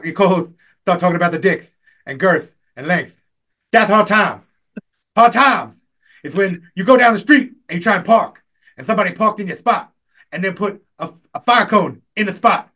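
Man impersonating a brash wrestler cutting a shouted promo, raspy. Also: sits high, animated, normal speed, pitched above the performer's own voice, heavily acted. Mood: boastful, shouting.

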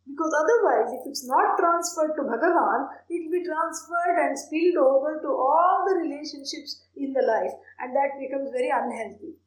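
A woman, a spiritual teacher, explaining a Sanskrit prayer with animated storytelling and soft laughs. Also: high-pitched, echoey room, low-quality recording.

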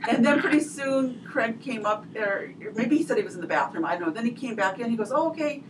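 A woman's voice: fairly high pitch, animated, quick pace. Rambling middle-aged woman guest, distant mic. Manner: rambling, with many fillers and restarts. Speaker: podcast guest. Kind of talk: casual chat. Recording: distant mic with clear background noise.

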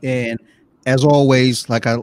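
A man's voice: medium pitch, level tone, measured pace, clean tone, no echo. A man hosting a podcast, chatting casually in a laid-back, easygoing way. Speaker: podcast host.

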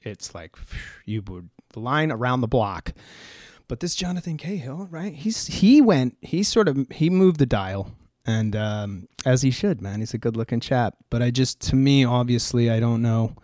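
A man's voice: medium pitch, animated, normal speed, darkish tone, no echo, studio quality. An American man rambling through news in a casual, profane, joking way, full of fillers and restarts. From United States.

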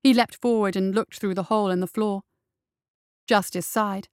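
A woman narrating a dark fantasy story in a steady, even reading voice. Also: medium pitch, normal speed, clean tone, no room sound, clean studio sound. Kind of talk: audiobook narration.

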